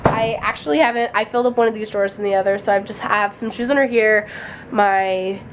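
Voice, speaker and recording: A woman's voice: mid-range voice, fairly even intonation, fairly quick, noisy background. A young woman, a college student, chatting casually and rambling through a vlog tour of her dorm room, sounding a little tired. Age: young adult. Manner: chatty and rambling, with many fillers.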